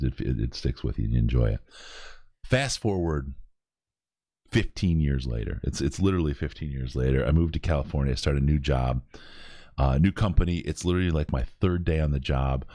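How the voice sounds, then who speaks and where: A man with an extremely low, deep voice hosts a podcast in easy, laughing chat. His voice sits close and dry on the mic, with no room around it. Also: no echo. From Michigan. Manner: laughs often, animated storyteller. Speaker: podcast host. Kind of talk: casual chat.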